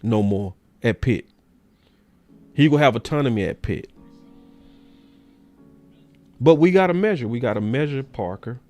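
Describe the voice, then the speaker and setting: A man hosting a sports talk show in casual commentary. He talks emphatically, repeats his points and swears. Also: a little fast. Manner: animated, jumps between low and high.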